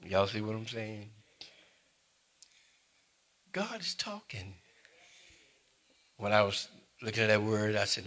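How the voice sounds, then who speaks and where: A man preaching a sermon, swinging between loud calls and quiet asides to his congregation. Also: on the low side, big pitch swings, slow pace, long pauses. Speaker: pastor.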